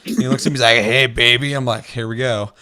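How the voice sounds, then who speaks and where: A man co-hosting a gaming podcast tells a story in casual chat, swearing freely and animatedly acting out quotes. He speaks rapid-fire at medium pitch.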